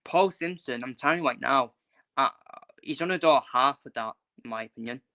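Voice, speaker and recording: Frustrated young man ranting, bright voice. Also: mid-range voice, fairly quick. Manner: frustrated, repetitive, blunt with swearing. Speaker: football fan vlogger. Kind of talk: casual opinion rant.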